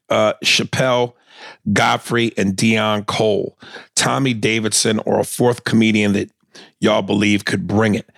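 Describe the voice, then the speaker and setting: A male podcast co-host with a gravelly, creaky voice, reading a listener email before drifting into loose banter. He gets animated and stammers when excited, and often breaks into laughter. The sound is close and dry. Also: fairly low pitch, no echo. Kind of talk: casual chat.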